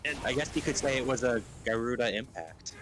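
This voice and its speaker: A man's voice: medium pitch, fairly quick. A man from Canada co-commentating a live fighting game stream with dry, jokey banter.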